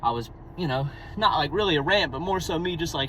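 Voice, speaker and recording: A man's voice: fairly high pitch, lively intonation, brisk, hardly any pauses, sharp tone, slight background noise, rough recording. A young man talking to his own camera in a blunt, rambling, profane way, a little out of breath. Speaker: vlogger. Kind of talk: casual monologue to camera.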